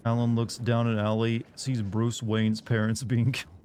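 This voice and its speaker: A man's voice: medium pitch, completely flat delivery, moderate pace, darkish tone, a little hiss or hum. A man casually commenting as he plays a game on stream, rambling and cracking crude jokes to his chat.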